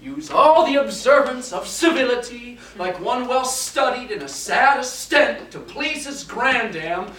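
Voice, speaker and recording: Man as a wild young gentleman, amateur stage, lively high voice, far and echoey. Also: a little slow, few pauses, heavily acted. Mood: cheeky. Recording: roomy hall, far camera.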